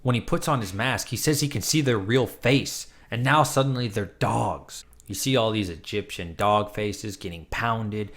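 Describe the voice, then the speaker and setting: Eager guy reviewing comics, lowish voice. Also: moderate pace, hardly any pauses, a bit bright. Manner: enthusiastic, chatty plot retelling. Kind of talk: casual comic review vlog.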